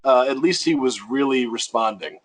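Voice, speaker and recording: Blunt guy jumping in mid-chat, plain mid-pitched voice. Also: expressive, moderate pace, husky. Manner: blunt, interjecting. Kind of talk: casual chat.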